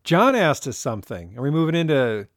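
A man's voice: fairly high pitch, sing-song, a little fast, no echo, clean studio sound. A man co-hosting a fishing podcast in casual chat, rambling and self-mocking, often restarting his sentences. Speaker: podcast co-host.

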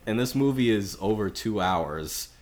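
A man co-hosting a film podcast, talking through his opinions in a chatty, measured way with lots of filler words. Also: lowish voice, animated, noisy background. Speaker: podcast co-host. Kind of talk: casual film review chat.

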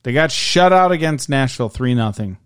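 Smooth-voiced man reading off standings. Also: mid-range voice, brisk, dry recording, studio quality. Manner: relaxed, rattling off scores and standings. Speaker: podcast co-host. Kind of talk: casual sports chat.

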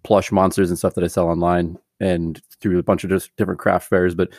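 A man's voice: low-pitched, little pitch movement, fairly quick, a little mellow, no room sound, clean studio sound. A man who is a podcast guest, talking casually and hesitantly, with many restarts and fillers. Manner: hesitant, rambling, lots of "like" and restarts. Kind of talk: casual chat.

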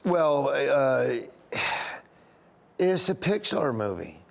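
A man's voice: medium pitch, sing-song, drawn-out words, creaky, big-room sound, a little hiss or hum. A man, a comedian, telling a rambling, emotional story in an interview, often near tears and laughing. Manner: rambling, tearful and laughing as he recalls.

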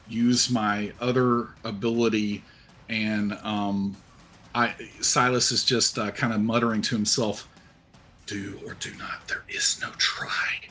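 A man's voice: lowish voice, fairly bright tone, slight background noise. A man playing a tabletop game, describing his character's actions with lots of filler words. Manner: rambling with many fillers. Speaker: player.

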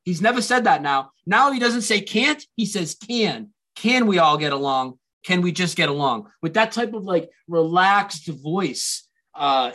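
A man's voice: on the high side, low-quality recording. A man as a guest in a casual conversation, eagerly telling stories and quoting movie lines. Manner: animated storytelling, quotes movie lines.

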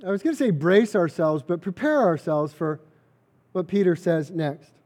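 A man's voice: high voice, expressive, moderate pace, a little mellow. A man preaching a sermon, earnest and emphatic, repeating key phrases for weight. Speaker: pastor.

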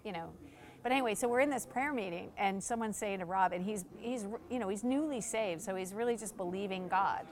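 A woman pastor speaks in relaxed, animated conversation. She tells stories with lots of fillers and brief put-on voices for the people in them. Her pitch sits in the middle of the range for a woman. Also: a little fast. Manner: lively, acts out quoted voices, frequent fillers. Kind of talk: animated storytelling in casual conversation.

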